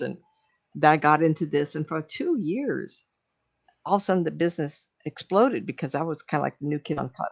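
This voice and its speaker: Gravelly older woman telling rambling stories. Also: sits low. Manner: rambling, anecdotal, laughs often. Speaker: psychic medium giving a talk. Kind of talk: casual talk. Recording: dull lo-fi sound.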